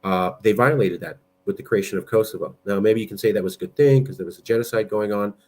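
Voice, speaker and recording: Talking fast in a lowish voice, the president of a political movement delivers blunt, argumentative political commentary while sharing his screen.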